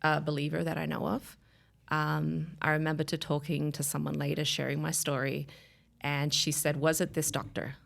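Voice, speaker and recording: A woman in her thirties shares a personal testimony in a low voice with a gravelly edge. She tells it with animation and slips into the voices of the people in her story. Her delivery is emotional and heartfelt. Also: little pitch movement, moderate pace. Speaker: guest sharing her story.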